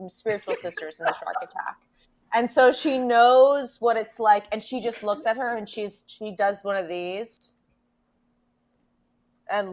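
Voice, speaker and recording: A woman playing in a casual tabletop role-play, with a playful, giggly manner. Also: medium pitch. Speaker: player.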